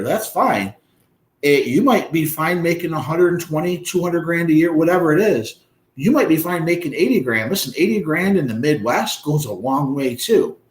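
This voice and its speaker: A man's voice: on the high side, reverberant. A man hosting a podcast, telling stories in a blunt, profane way as a coach. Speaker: dating coach podcast host. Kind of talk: casual podcast chat.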